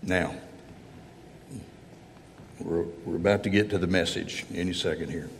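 A man's voice: deep voice, fairly even intonation, unhurried, a little hiss or hum. A man preaching a sermon earnestly, voicing heartfelt prayers in the first person as he speaks to his congregation. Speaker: pastor. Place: church sanctuary. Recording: church hall reverb.

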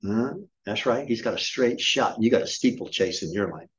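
A man's voice: lowish voice, normal speed, lo-fi sound. A middle-aged man preaching a sermon as pastor, emphatic and scolding, firing off rhetorical questions. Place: church.

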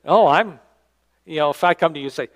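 Pastor guy preaching, highish voice, gets loud then goes quiet and low, reads old-style bible verses. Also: fairly quick. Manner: dynamic preaching, swings from loud emphasis to quiet, low endings; reads scripture aloud in King James wording. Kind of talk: sermon. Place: church sanctuary.

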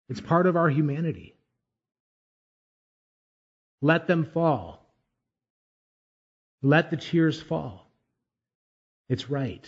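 Slow, earnest preaching man. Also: fairly high pitch, animated, breathy edge, muffled recording. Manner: measured, emphatic preaching with deliberate pauses. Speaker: pastor. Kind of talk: sermon.

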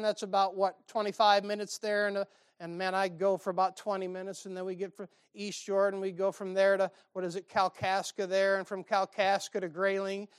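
Folksy preacher with a dry close sound. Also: male voice, sits high, dry recording. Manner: folksy storytelling with call-and-response asides. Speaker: pastor. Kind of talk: sermon. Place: church.

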